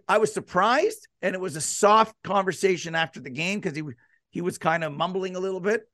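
A man with a fairly high voice hosts a casual hockey chat and strings his questions together in long, wandering runs. The sound is dry and close, with no room around him. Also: fairly quick, fairly bright tone, no echo. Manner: rambling, leading questions. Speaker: podcast and radio host.

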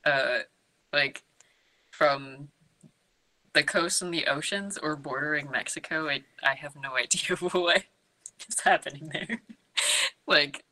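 A woman's voice: sits low, slow pace, long pauses, pushed and bright. A young woman co-hosting a podcast, recapping a movie in a casual, giggly way and acting out the characters' lines. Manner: chatty, giggly, acts out quotes. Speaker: podcast co-host.

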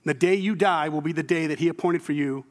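Man, pastor, high voice, casual storytelling sermon, long hall echo. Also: fast. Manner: informal storytelling, self-deprecating humor. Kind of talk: conversational sermon.

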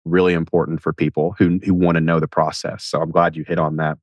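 A man's voice: deep voice, flat delivery, fast, no room sound, highs cut off. A man hosting a casual interview, blunt and loose, swearing freely and restarting his sentences. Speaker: podcast host and fitness coach.

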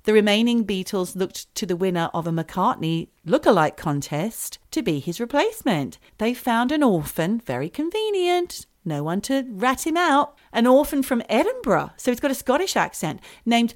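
A woman hosting a comedy podcast, telling a story in an animated, mock-serious way. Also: a little high, normal speed, hardly any pauses.

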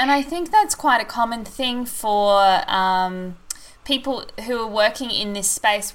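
A woman hosting a podcast conversation, a supportive listener who chimes in with soft agreement. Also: medium pitch. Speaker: host.

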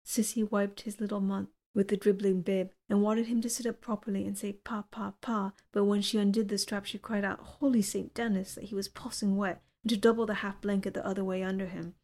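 A woman reading a literary novel aloud as an audiobook narrator, in a measured, even storytelling delivery. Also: medium pitch. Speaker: audiobook reader.

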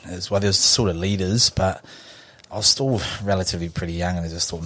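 A man's voice: sits low, fast talker. A New Zealand man in his forties, a podcast guest telling a story in a laid-back, rambling way with lots of fillers. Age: 40s. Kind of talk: casual storytelling chat.

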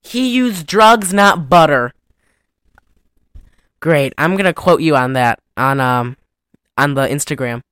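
A woman's voice: lively intonation, slow pace, pauses often, a bit bright, smooth, no echo, clean studio sound. A young woman co-hosting a podcast, recapping a movie in a rambling, giggly chat. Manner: rambling, giggly, sings snatches in falsetto. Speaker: podcast co-host.

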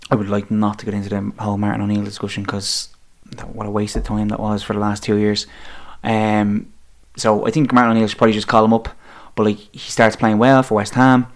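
A man's voice: on the low side, completely flat delivery, fairly quick, few pauses. An Irish man in casual chat about football, wry and rambling, with plenty of fillers. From Ireland.

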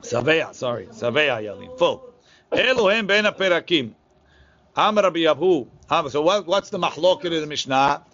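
A man teaching a Talmud class, reading the source text quickly and then explaining it in a casual way. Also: on the high side, lively intonation, fairly bright tone. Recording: lo-fi, muffled recording.

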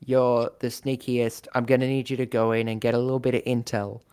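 A man in casual chat, rambling through a story idea with lots of fillers and quick acted-out lines. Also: mid-range voice, level tone, darkish tone, smooth.

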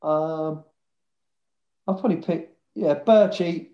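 A man, once a footballer, recounts old dressing-room tales with a lot of swearing and banter. His voice sits a little high for a man, and he talks casually. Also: slow pace, dull audio. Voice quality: swears freely, lively banter. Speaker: guest, former footballer. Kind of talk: casual storytelling chat.

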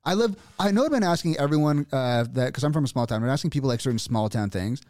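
Man, from small-town Ontario, comedian guest, deadpan, crude jokes, dry close sound. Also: medium pitch, quick pace, no room sound. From small-town Ontario, Canada. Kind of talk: casual comedic chat.

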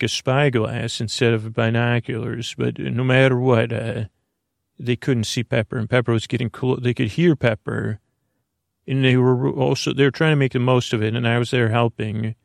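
A man's voice: mid-range voice, flat delivery, moderate pace, vocal fry, no echo, studio quality. A man hosting and telling a bedtime story, rambling along with many uhs and restarts. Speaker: storyteller host.

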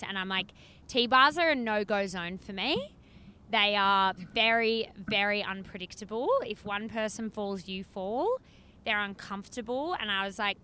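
Young woman, bright self-mocking voice. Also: medium pitch, normal speed. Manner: self-deprecating storyteller, swears casually. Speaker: podcast co-host. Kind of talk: casual chat. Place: inside a car. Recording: car recording with road noise.

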